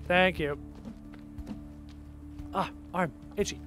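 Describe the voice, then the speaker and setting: Canadian guy streaming a game, kinda high voice, sarcastic chatty banter, faint music behind. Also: expressive, moderate pace. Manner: chatty and sarcastic, answers chat aloud. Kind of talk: casual live-stream chat while gaming.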